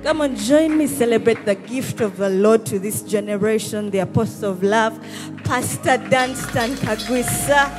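A woman's voice: on the high side, moderate pace. Rousing woman hyping a church crowd. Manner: rousing, calls and responses, often shouting. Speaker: church service host. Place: church hall with live congregation. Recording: church service with music behind. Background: music.

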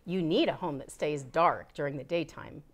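A woman teacher hosting a children's educational show, asking a puppet guest playful questions in an animated way. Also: low-pitched, normal speed. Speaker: teacher and host.

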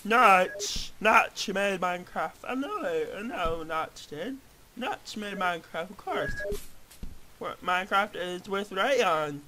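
Goofy, excitable young man gaming. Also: high voice, slow pace, noisy background. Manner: goofy, excitable, shouts often. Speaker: gaming video host. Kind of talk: let's play commentary.

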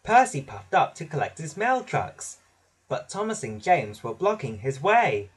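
A man narrating a children's storybook in a lively, animated way. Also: on the high side, a little slow, breathy edge.

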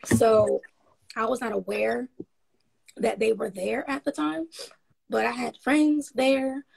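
Woman guest, rough breathy rasp, rambling frank storyteller with lots of ums, upbeat. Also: a little high, steady tone, slow, a little mellow, low-quality recording. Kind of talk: casual interview storytelling.

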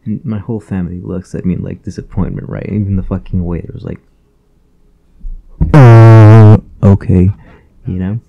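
A young man talks in a deep, husky, slightly raspy voice, tired and loose. He rambles through a casual vlog story full of slang and swearing. The sound is dull and lo-fi, like a cheap home mic. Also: steady tone, quick pace, hardly any pauses, faint music behind. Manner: profane, slangy, laid-back. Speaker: vlogger.

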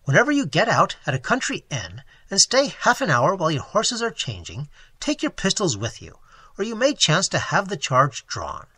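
A man reading as a suave, mocking gentleman highwayman. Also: huge pitch swings, moderate pace, slightly rough, dry recording, exaggerated voice. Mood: coolly mocking. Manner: suave, mock-polite, unflappable. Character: cool mocking gentleman highwayman, adult male.

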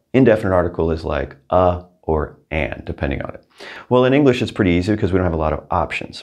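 A man teaching an online lesson, patient and encouraging, slowly repeating each word for practice. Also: low-pitched, a little mellow. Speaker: Spanish teacher. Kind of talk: recorded language lesson.

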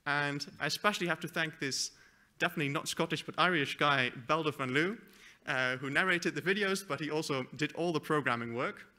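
A man giving a conference presentation, walking through a live software demo with a few fillers and self-corrections. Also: on the high side, brisk. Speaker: conference speaker. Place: conference hall.

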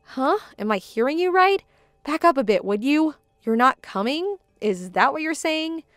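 A woman voicing a hurt, firm young bride-to-be who speaks in a measured, indignant tone. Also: high-pitched, expressive, fairly bright tone, no echo, soft background music. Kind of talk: dramatized story voice acting.

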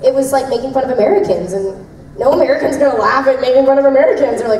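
A woman's voice: high-pitched, fairly quick, far from the mic, a crowd in the background. A young woman voice actress answering fan questions at a convention panel, chatty and laughing often as she tells stories. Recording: echoey hall, mic heard from afar.

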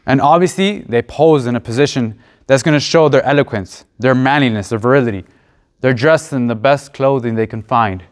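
A young man, a seminarian, giving a classroom presentation as a mock museum tour guide, conversational and earnest, with frequent restarts and fillers. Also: mid-range voice. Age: young adult.

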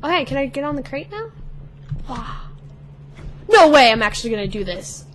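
Excitable teenage girl playing a game. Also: fairly high pitch, a little fast, a little hiss or hum. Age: teens. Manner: chatty, excitable, talks to herself and the game character. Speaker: gaming channel host. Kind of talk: let's play commentary.

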